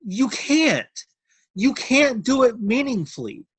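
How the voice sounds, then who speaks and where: A man's voice: very high-pitched, big pitch swings, slow pace, husky, dry recording. Middle-aged man, interview guest, earnest and heartfelt, dry close mic. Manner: earnest, heartfelt, repeats words. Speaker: interview guest, notary signing agent. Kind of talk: emotional personal testimony.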